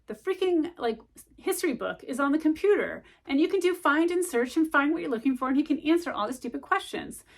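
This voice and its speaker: Chatty middle-aged woman with vocal fry. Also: high voice, lively intonation, fairly quick. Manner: chatty and rambling, many ums and likes. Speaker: vlogger giving study tips. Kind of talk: casual chat to camera.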